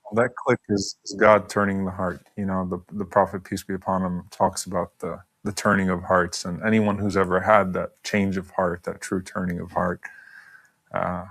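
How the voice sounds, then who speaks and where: A male host leads an interview in a calm, reflective manner. His voice is very deep with a gravelly edge, and his pitch stays level and even. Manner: measured, reflective questioning. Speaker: podcast host. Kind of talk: conversational interview.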